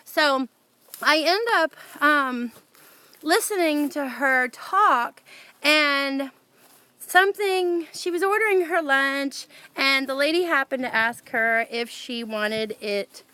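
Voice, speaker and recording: Excited high-voiced woman telling a story. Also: slow, no echo. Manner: excited, animated, rambling with many fillers. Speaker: vlogger. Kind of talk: casual storytelling to camera. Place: outdoors near her house.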